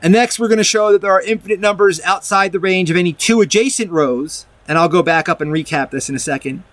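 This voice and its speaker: A high-voiced man speaks quickly with a fairly bright tone in a dry, echo-free recording. As a math video presenter, he casually walks viewers through a proof, rambling and often restarting sentences. He alternates between reading from a document and adding loose comments.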